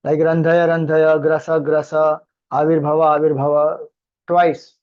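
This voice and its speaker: A man with an Indian English accent giving a scripture discourse, chanting mantras slowly and then explaining them. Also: on the high side, flat delivery, dull audio. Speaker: spiritual teacher.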